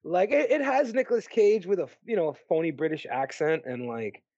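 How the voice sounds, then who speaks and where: A man co-hosting a podcast, chatting casually about movies in an animated, ranting way and swearing freely. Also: a little high, brisk, no room sound. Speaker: podcast co-host. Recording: dry, dull lo-fi sound.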